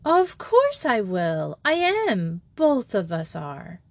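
A woman doing a brisk, kindly English schoolgirl. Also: mid-range voice, wildly swooping pitch, no room sound, exaggerated voice. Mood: coaxing.

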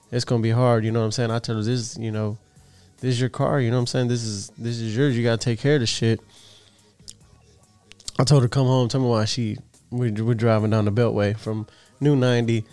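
Guy in his middle years, smooth resonant voice, dry close sound, rambling cussing stories. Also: medium pitch, darkish tone, dry recording. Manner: rambling, profane storytelling. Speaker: podcast co-host. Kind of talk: casual chat.

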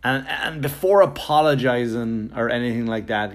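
A man's voice: medium pitch, moderate pace. A man, a touring comedian, telling a long story in a rambling, sarcastic, profane way, full of fillers and quoted exchanges. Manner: animated, jumping into quoted exchanges. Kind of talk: casual comedic storytelling monologue.

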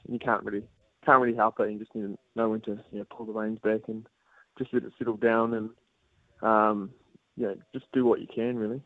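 A man's voice: fairly low pitch, brisk, no room sound. Man, New Zealand accent, radio guest, easygoing, phone-line audio. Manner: relaxed, laughing, easygoing with filler words. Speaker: guest athlete calling in. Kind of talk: casual radio interview. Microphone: phone call.

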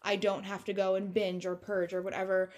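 A woman's voice: medium pitch, little pitch movement, fairly quick, a little mellow, highs cut off. A young woman in her twenties co-hosting a podcast, talking in a reflective, casual way and backing up her co-host. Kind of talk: casual chat.

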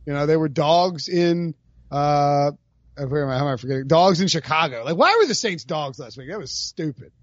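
A man's voice: a little high, expressive, normal speed, dry recording, dull audio. A man hosting a sports betting podcast, talking in an emphatic, ranting, hyperbolic way. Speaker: podcast host.

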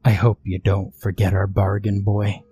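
A man's voice: on the low side, monotone, normal speed, dark tone, slight background noise, lightly acted. A man doing a sly demon mother. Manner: sly, cool, condescending. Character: scheming demon mother, sly and cold woman.

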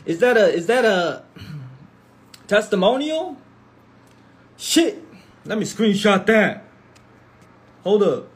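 Hosting a casual phone livestream, a man reads viewer comments and answers with animated, profane, slangy chatter. His voice sits high, and he speaks at a slow pace with long pauses.

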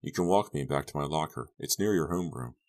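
A man voicing a coy, mysterious teenage girl, very deep. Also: fast, darkish tone. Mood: teasing. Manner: low, purring and teasing.

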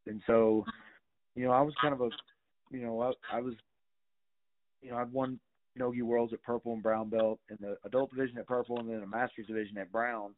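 A man's voice: mid-range voice, flat delivery, fairly quick. A middle-aged man telling stories casually as a guest, rambling with many fillers and some swearing. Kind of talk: casual storytelling. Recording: tinny phone-like sound.

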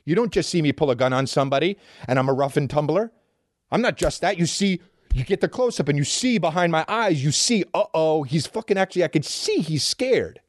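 A man's voice: fairly high pitch, lively intonation, a little fast, no echo, studio quality. A man on a comedic rant, profane and rambling, swinging his delivery up and down as he riffs.

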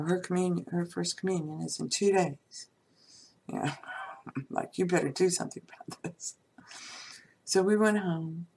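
A woman casually telling a personal story from her life to her viewers, chatty with many asides and soft laughs. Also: lowish voice, gravelly, slight background noise.

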